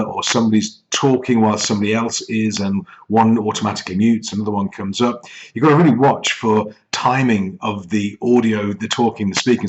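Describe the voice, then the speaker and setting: A middle-aged English man telling a rambling, self-deprecating anecdote as a business coach. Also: on the low side. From England. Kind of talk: casual anecdote. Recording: slightly dull lo-fi audio with faint noise.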